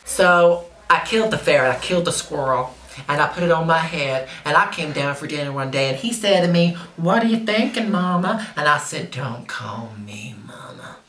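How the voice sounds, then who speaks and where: A woman playing a crude, boastful Southern mother in a comedy sketch, talking in a brash deadpan way. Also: sits low, brisk, a little hiss or hum. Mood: indignant. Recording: roomy echo.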